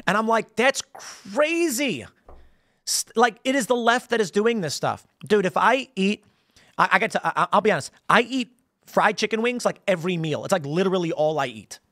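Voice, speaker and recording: American guy with a high voice doing a rambly political commentary rant, lots of restarts, dry studio sound. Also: brisk, no room sound. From United States. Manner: rambling, animated storytelling with frequent restarts and laughs. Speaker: political commentary show host. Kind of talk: casual political commentary monologue.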